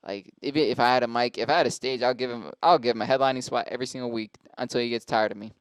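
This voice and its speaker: A man's voice: mid-range voice, fast, clean tone, no room sound. Man rambling through a profane monologue. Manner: profane, rambling, self-interrupting. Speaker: host and stand-up comic.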